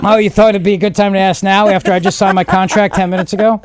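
A middle-aged man hosting a radio talk show in a studio, bantering and joking at his own expense with quick asides. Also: high-pitched, level tone. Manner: jokey, self-mocking, quick asides. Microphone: studio microphone.

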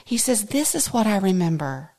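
A woman's voice: mid-range voice, big pitch swings, normal speed, mellow. A woman hosting a devotional podcast, teaching through a psalm in an earnest, conversational way and asking listeners direct questions. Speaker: podcast host teaching scripture.

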